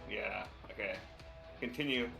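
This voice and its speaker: A man's voice: on the low side, a little slow, vocal fry, music in the background. A man playing in a live-streamed tabletop game, laying out his character's moves matter-of-factly.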